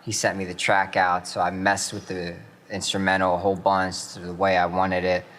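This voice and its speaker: A man's voice: sits low, completely flat delivery, moderate pace, a bit bright, slight background noise. A young man, a rapper, chatting casually about his music as a radio guest, with many fillers.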